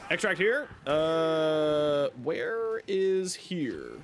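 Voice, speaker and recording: A man's voice: fairly high pitch, very animated, extremely slow. A young man streaming a video game, chatting casually with his viewers while he plays. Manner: chatty, answers chat while playing. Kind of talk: casual gaming livestream chat. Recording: game audio and background noise.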